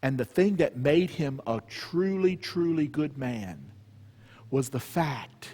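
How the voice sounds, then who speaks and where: A man's voice: a little high, lively intonation, slow pace, dark tone, breathy edge. Humorous male storyteller in a church. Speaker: retreat speaker. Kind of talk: storytelling talk. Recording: long church reverb.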